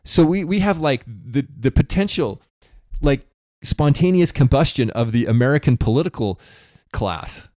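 A man's voice: mid-range voice, animated, normal speed, warm tone, no room sound, clean studio sound. A man co-hosting a podcast in casual conversation, rambling with many restarts. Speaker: podcast co-host.

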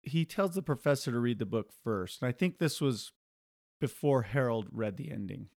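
A man in a casual film chat, eagerly retelling a plot and jumping into quick acted quotes. His voice sits at a middle pitch, recorded close and dry with no room sound. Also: expressive, vocal fry, a little mellow, dry recording. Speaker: podcast co-host.

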